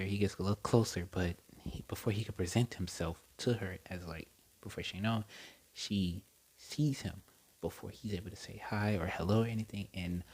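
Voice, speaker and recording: A man's voice: low voice, breathy edge, rough recording. A young man casually retelling a story, rambling with lots of fillers and self-corrections. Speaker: storyteller retelling a fan scenario.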